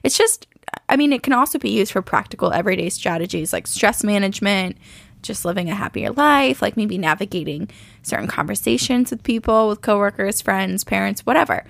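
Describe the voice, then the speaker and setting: A woman's voice: mid-range voice, animated, a little fast, gravelly. A young woman co-hosting a podcast in casual chat, playful and jokey. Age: young adult. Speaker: podcast co-host. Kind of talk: casual chat and host-read ad.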